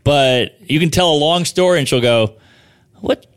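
A stand-up comedian guest in casual podcast chat, an animated storyteller who acts out the voices of the people he quotes. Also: a little high, moderate pace, clean tone, no echo, clean studio sound.

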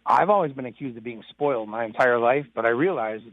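A man's voice: medium pitch, fairly quick, no echo. A man calling in to a radio show, speaking earnestly in slightly formal phrasing. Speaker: caller. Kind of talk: phone call to a radio show. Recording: tinny phone line.

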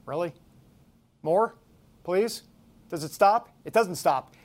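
A woman's voice: lowish voice, expressive, slow pace. A woman hosting a talk radio show, reading headlines aloud with mocking sarcasm.

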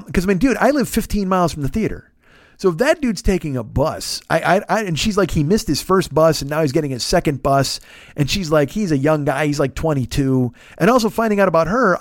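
A man in his fifties, a podcast host, telling a long story in an animated, profane, self-mocking way. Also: fairly high pitch, quick pace, no room sound, clean studio sound. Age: 50s. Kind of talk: storytelling monologue.

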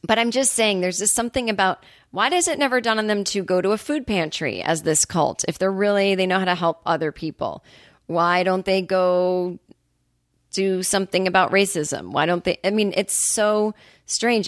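A woman's voice: mid-range voice, moderate pace, no room sound, studio quality. A woman hosting a podcast, ranting in a casual monologue, swearing freely and acting out quotes. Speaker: podcast host.

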